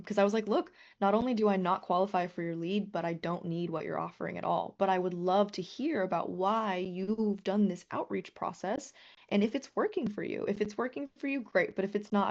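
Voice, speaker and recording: A woman business coach teaching a live online class, earnest and lively, often swearing and acting out quoted messages. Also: mid-range voice, lo-fi sound.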